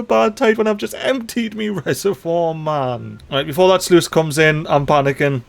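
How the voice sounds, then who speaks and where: A chatty, excitable man with a fairly high voice gives casual commentary over his own gameplay. He swears mildly, uses dialect slang and keeps talking straight to the little characters on screen. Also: a little fast, vocal fry, few pauses. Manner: excitable, talks to the game characters. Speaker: let's play host.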